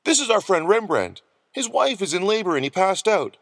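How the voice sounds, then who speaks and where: A man voicing an unfazed, offbeat young man in a storybook reading, matter-of-fact and deadpan. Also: high-pitched, moderate pace, no echo, clean studio sound, voice pushed up, full character voice. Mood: offhand.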